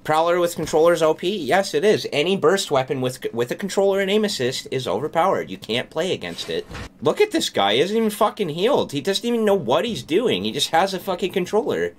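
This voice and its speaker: A man's voice: a little high, sing-song, a little fast. A man streaming a game, ranting angrily with exasperated, swearing outbursts. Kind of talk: angry gameplay ranting.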